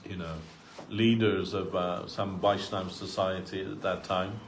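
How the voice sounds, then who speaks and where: A man giving a relaxed sermon through personal anecdotes, talking in an easygoing way with frequent asides. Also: deep voice, measured pace, a little hiss or hum. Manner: conversational, full of asides, acts out quoted voices. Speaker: devotee giving a talk. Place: temple hall.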